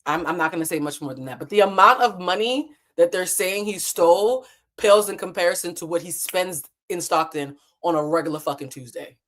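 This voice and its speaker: Woman host in her thirties, low-pitched, candid and animated, swears, casual live chat from a hotel room. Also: fairly quick. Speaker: livestream host.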